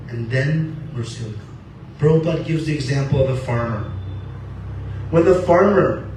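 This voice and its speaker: Man preaching, slightly high voice, asks and answers himself, big echoey hall from far off. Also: darkish tone, slight background noise. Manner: earnest, asks and answers his own questions. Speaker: speaker giving a spiritual talk. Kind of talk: sermon. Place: temple hall.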